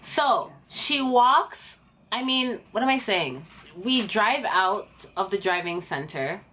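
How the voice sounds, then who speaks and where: A woman's voice: mid-range voice, takes it slowly. A young woman telling an indignant story to camera in a casual vlog. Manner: animated and indignant, talks to camera. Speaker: vlogger.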